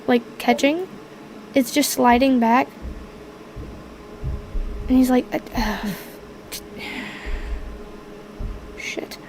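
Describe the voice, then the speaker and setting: A woman's voice: high-pitched, a little mellow, slight background noise, poor audio. A woman narrating as game master in a tabletop game, hesitant, often searching for words.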